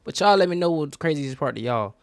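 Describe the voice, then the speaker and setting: A man's voice: on the high side, fast, no room sound, clean studio sound. Slangy young man reacting on camera. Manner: slangy, excitable. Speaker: reaction video host. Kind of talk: casual reaction commentary.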